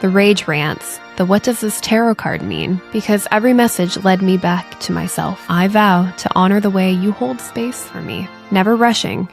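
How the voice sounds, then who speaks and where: A woman's voice: mid-range voice, normal speed, vocal fry, hardly any pauses, faint music behind, natural voice. A woman reading aloud the effusive, bubbly replies of a supportive AI chatbot that acts like her best friend. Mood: tender.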